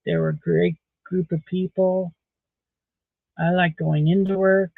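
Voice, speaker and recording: A woman's voice: lowish voice, flat delivery, measured pace, vocal fry, no echo. A middle-aged woman, chatting casually on a live stream while crocheting, rambling along with dry sarcastic asides. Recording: dry, tinny phone-like sound.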